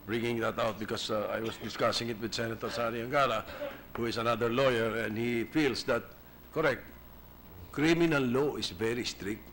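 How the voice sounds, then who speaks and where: A man's voice: medium pitch, steady tone, a little fast, a bit bright, slight background noise, rough recording. A man with a Filipino accent, a senate majority leader, reading out legal text in a legislative chamber and slipping into Filipino phrases. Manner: formal, quotes text, slips into Filipino. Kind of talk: formal legislative debate.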